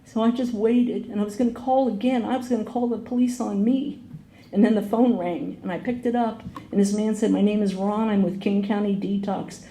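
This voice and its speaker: A woman's voice: medium pitch, mellow. A woman sharing her recovery story at a meeting, telling it earnestly and acting out the people she quotes. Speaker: AA speaker. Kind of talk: recovery talk, personal story. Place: meeting hall. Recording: echoey room with faint noise.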